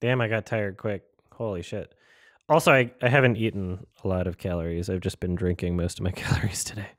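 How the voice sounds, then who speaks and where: A man's voice: deep voice, steady tone, fairly quick, dry recording, studio quality. A man casually commenting on a movie as he watches it, rambling, swearing and incredulous. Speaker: host reacting to a film.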